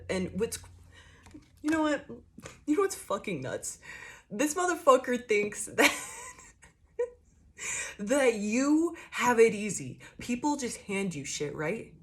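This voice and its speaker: A young woman giving a casual tarot reading, blunt and profane, ranting with lots of fillers, jittery from coffee. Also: medium pitch. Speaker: tarot reader.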